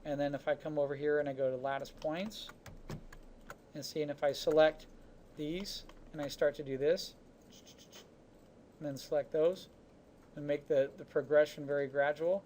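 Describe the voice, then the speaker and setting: A man teaching a 3D modeling class, talking casually through each step of a software demonstration with chatty asides. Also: a little high, steady tone, normal speed, long pauses, slight background noise. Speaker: 3D modeling instructor. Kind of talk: live software demonstration lesson.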